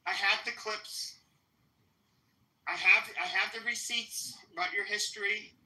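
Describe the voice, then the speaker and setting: A man's voice: high voice, fairly even intonation, a little slow, bright, forceful tone. A man hosting a podcast, delivering a profane, taunting, repetitive confrontational rant. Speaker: podcast host. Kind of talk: confrontational live-stream rant. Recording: roomy echo.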